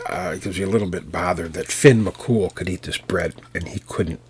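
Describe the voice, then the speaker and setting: An American man working as a storyteller, telling a folk tale in an unhurried, folksy way with fillers and restarts. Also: deep voice, slightly rough. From United States.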